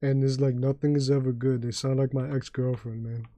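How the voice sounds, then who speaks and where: A man's voice: medium pitch, level tone, brisk, dark tone, no echo. Loose-talking New York man streaming. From New York City. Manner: rambling, profane storytelling with many restarts. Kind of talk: casual livestream chat.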